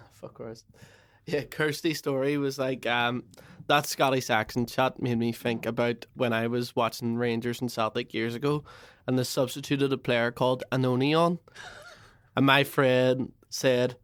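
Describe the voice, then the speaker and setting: A relaxed man chatting casually on a podcast and reading out a listener's message. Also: mid-range voice, measured pace, smooth, dry recording. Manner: laid-back, reads a listener's message aloud. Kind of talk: casual chat.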